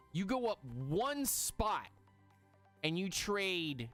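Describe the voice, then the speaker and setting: A man hosting a live stream, reacting excitably and talking to his chat in casual commentary. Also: high-pitched, slow pace, faint music behind.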